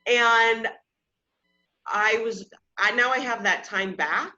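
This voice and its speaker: Candid woman host, bright lo-fi voice. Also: fairly high pitch, slow. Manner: candid, self-deprecating, often laughs at herself. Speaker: podcast host. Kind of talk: casual personal storytelling. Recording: slightly dull lo-fi sound.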